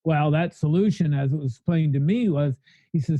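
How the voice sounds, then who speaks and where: A man's voice: on the high side, a little fast, dark tone, dry recording, muffled recording. A man telling his recovery story in a podcast interview, blunt and fiery, speaking in long spoken lists. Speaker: guest sharing recovery story.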